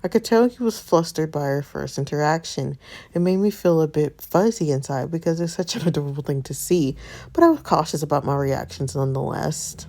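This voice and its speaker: A woman's voice: low voice, a little fast, a little mellow. A woman reading game narration as a young woman recalling her first romance, wry and wary.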